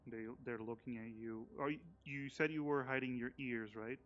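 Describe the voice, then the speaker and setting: A man runs a tabletop game on a live stream, narrating what the characters see and then joking with his players and chat. His voice sits in an ordinary middle pitch. The audio is muffled and lo-fi. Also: fairly even intonation, moderate pace. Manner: describes scenes, then chats and jokes with players and chat. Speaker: game master.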